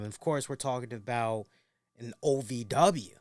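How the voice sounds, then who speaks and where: A man's voice: medium pitch, moderate pace, a little mellow, no echo. A man hosting a wrestling review show, talking casually and animatedly straight to his viewers, often restarting his sentences.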